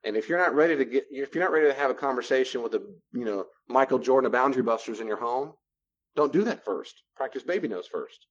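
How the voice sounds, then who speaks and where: A man's voice: medium pitch, animated, quick pace, highs cut off. A man teaching a class on personal boundaries in a conversational lecture style, repeating phrases for emphasis. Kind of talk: classroom lecture with role-play.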